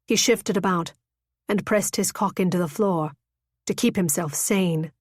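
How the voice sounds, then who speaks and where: A woman reading a romance novel aloud in an intimate, measured scripted narration. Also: lowish voice, dry recording, clean studio sound. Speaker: audiobook narrator.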